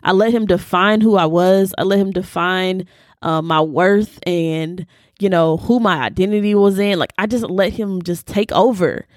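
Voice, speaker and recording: On her Bible teaching podcast, this young woman's lowish voice moves at a moderate pace, recorded cleanly in a studio with no room sound. Her teaching is lively, preachy and casual, full of Southern "y'all" slang.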